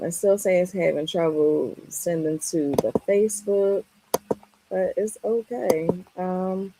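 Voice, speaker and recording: Raspy-voiced woman hosting a livestream. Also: medium pitch, noisy background. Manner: greets viewers by name, upbeat and chatty. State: strained, raspy voice. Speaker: livestream host and Canva teacher. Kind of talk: casual livestream chat.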